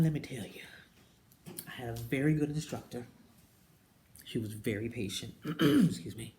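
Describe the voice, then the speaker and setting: A woman talking casually to camera, telling her own story and jumping up high when she quotes people. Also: normal speed, long pauses, a little hiss or hum. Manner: animated storyteller who mimics people with high-pitched quotes and drops into whispers. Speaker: direct-sales jewelry consultant. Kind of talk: casual personal vlog monologue.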